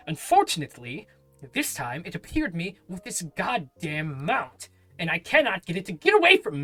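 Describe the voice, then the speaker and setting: A man voicing a furious female succubus who rants and shouts curses. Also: high-pitched, voice pushed up, exaggerated voice. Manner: ranting, shouting, sputtering curses. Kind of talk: voicing a character in a tabletop game.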